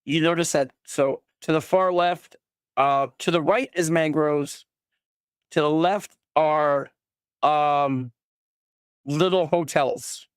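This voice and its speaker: Slow, hesitant game master man. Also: fairly high pitch, fairly even intonation, clean tone, dry recording, clean studio sound. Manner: hesitant, many fillers. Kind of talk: narrating a tabletop game.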